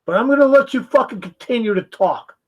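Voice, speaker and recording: A man's voice: very high-pitched, expressive, fairly quick, a bit bright, rough recording. A man giving a heated, profane reaction commentary, mocking the video he is watching.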